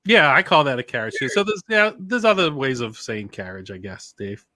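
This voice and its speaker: A man's voice: mid-range voice, very animated, a little fast, sharp tone. A man hosting a casual livestream chat on a video call, talking animatedly and laughing often. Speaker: host.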